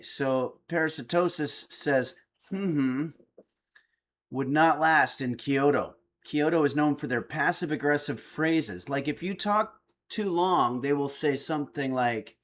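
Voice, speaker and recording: A middle-aged man streaming, reading viewer chat aloud with dry, joking replies. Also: fairly high pitch. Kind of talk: casual chat.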